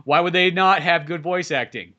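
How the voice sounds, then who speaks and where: Bright-voiced, profane man. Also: fairly high pitch, normal speed, lo-fi sound. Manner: profane, animated, mocking impressions. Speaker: podcast host. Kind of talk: casual chat.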